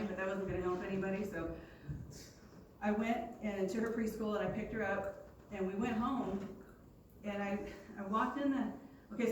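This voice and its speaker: A woman in her forties, a youth leader, telling a personal story to a youth group and acting out the quotes with animation. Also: mid-range voice. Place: church youth room. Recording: echoey room from far off with noise.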